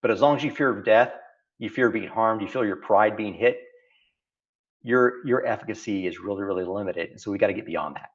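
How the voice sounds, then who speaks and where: A man's voice: fairly low pitch, a little fast. A man with a Texas accent, talking earnestly in an interview and often repeating phrases for emphasis. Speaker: interview guest. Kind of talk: reflective interview conversation. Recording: slightly dull lo-fi audio.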